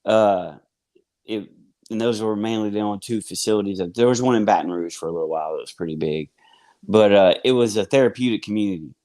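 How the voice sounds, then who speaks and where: A man with a Southern US accent and a fairly low voice tells his story in a loose, rambling way. He fills his speech with "man" and "uh" as he talks. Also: fast talker, dark tone. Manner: rambling, filler-heavy, says "man" and "y'all". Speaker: guest sharing recovery story. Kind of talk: casual conversational storytelling.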